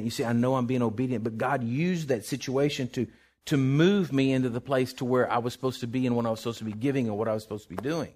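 An older man, telling a personal faith testimony in a rambling way, full of fillers, moving from hushed tones to shouted declarations. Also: mid-range voice, fast talker. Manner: emotional, swings from hushed to shouting. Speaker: testimony speaker.

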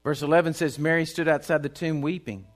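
A preacher with a high voice delivers a sermon. He moves from loud, driving bursts to quiet, hushed lines, keeping the congregation with him. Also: steady tone, a little fast, soft background music. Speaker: pastor.

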